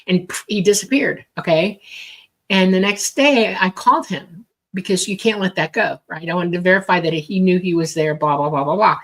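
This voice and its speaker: A woman's voice: medium pitch, moderate pace. A woman psychic medium telling a long story in casual talk, with many fillers and acted-out dialogue. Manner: rambling, filler-heavy, acts out quoted dialogue.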